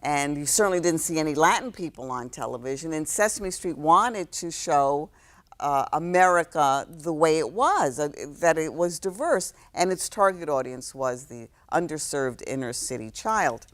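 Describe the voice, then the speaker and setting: A woman in her sixties from New York City, a guest telling stories in a relaxed interview, reflective, with many fillers and restarts. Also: deep voice, moderate pace. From New York City, South Bronx. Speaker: guest, actress.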